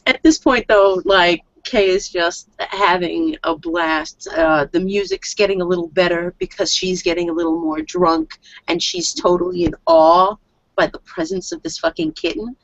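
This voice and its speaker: A woman's voice: on the low side, animated, moderate pace, creaky, no room sound. A woman casually narrating her character in a role-play session, rambling and swearing. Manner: rambling, profane, giggly. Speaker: tabletop role-play player. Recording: dull lo-fi dry recording.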